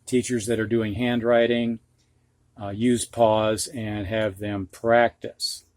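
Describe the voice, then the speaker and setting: A man's voice: fairly low pitch, level tone, takes it slowly, darkish tone, no room sound. A middle-aged man with a Midwestern accent teaching a phonics lesson, patient and repeating each word twice. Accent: Midwestern US (Ohio, Michigan). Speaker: reading teacher.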